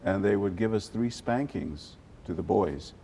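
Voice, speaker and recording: An older man from South Texas, an animated storyteller who drops Spanish phrases into his answers during an interview. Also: fairly low pitch, a little slow, creaky, a little hiss or hum. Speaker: journalist guest.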